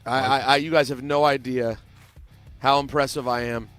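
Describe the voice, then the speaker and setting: A man co-hosting a sports radio show, telling a rambling story in an excitable, casual way. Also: mid-range voice, moderate pace, smooth, faint music behind. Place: radio studio.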